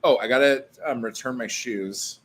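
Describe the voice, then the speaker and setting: A man's voice: mid-range voice, normal speed, husky. A man vlogging casually, rambling through a story full of filler words and swearing.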